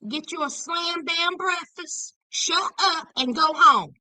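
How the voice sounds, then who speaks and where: A woman giving sassy, animated casual commentary on a reality TV show. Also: extremely high pitch, slow pace, dry recording. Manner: sassy, animated, Southern slang.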